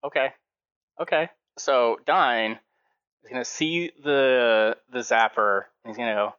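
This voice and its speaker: A man's voice: mid-range voice, moderate pace, bright, forceful tone, clean tone, highs cut off. A man playing a tabletop mech game, explaining his character's abilities step by step. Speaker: player.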